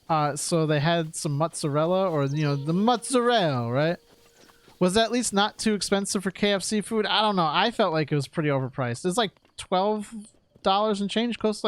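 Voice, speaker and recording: A man's voice: sits high, clean tone. A man from New York chatting casually while streaming, rambling with lots of "like" and "right?" and frequent laughs.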